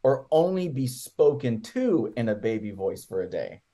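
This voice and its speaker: A man's voice: medium pitch, normal speed. A man co-hosting a podcast, chatting playfully and telling goofy stories. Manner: animated, playful storyteller. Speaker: podcast co-host. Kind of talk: casual chat.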